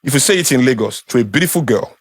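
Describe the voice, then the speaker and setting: Nigerian man talking with animated emphasis. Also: medium pitch, rapid-fire, breathy edge. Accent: Nigerian (Yoruba). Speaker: speaker. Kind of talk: informal talk to a small group.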